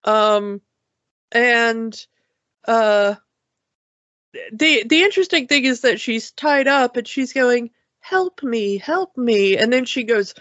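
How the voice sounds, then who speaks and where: A woman's voice: fairly high pitch, slow pace, long pauses, fairly bright tone, no echo, lo-fi sound. A woman co-hosting a casual talk show about cartoons, chatty and enthusiastic, often restarting her sentences. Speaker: podcast co-host. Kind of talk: casual cartoon review chat.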